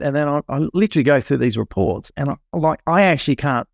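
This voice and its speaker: A middle-aged man, a property inspector guest on a podcast interview, telling animated stories and acting out quotes. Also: fairly high pitch, quick pace, gravelly, no room sound, studio quality. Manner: animated storytelling, acts out quotes.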